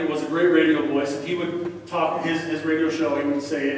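A middle-aged man preaches a sermon in a chatty, storytelling way and keeps turning to the congregation with asides. His voice sits a little high. It is picked up from across a large church hall, so it comes through distant and heavy with echo. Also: normal speed, a crowd in the background. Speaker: guest preacher. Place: church sanctuary.

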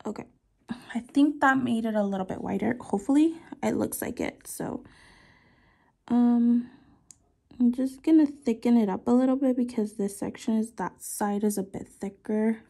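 A young woman talking softly through her nail art work, often trailing into whispers as she concentrates. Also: on the high side, vocal fry. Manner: slow, soft-spoken, often trailing into whispers while concentrating. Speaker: nail artist vlogger. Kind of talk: casual work-along narration.

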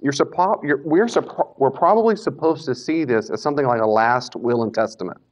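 Man giving a lively Bible lecture. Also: medium pitch, fairly quick. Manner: animated, acts out quoted speakers, self-corrects. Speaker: Bible teacher. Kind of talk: casual classroom lecture. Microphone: Bluetooth mic that cuts out. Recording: dull lo-fi lecture recording.

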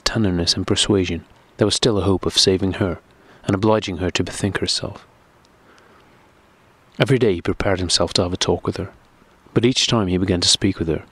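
A man narrating a classic novel audiobook in a steady, measured reading. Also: sits low, slightly rough, no room sound.

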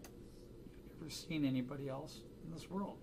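A man's voice: on the high side, fairly even intonation, normal speed, creaky, noisy background. A man teaching a drawing class, chatting casually and joking through anecdotes in front of students. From United States. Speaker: art instructor.

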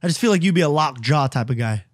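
A man co-hosting a podcast who fires off quick, crude wisecracks in casual banter. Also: on the high side, animated, no room sound, studio quality. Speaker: podcast co-host.

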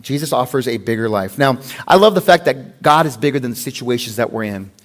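A man pastor preaching a sermon in an animated way, acting out the prayers he quotes. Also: mid-range voice, brisk.

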